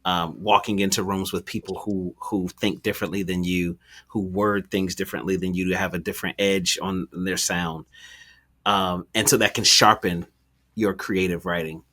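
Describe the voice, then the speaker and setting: A man with a somewhat low but forceful, bright-edged voice, talking as a show host. He tells stories in a relaxed, conversational way, slangy and animated, with plenty of ums and restarts. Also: normal speed. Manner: animated, slangy storyteller with many fillers and restarts. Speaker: podcast host. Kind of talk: casual conversational storytelling.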